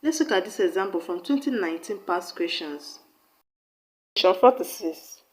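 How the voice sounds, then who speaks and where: A woman with a Nigerian accent teaching an exam-prep English lesson, slow and deliberate, often repeating her key points. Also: fairly low pitch, darkish tone, poor audio.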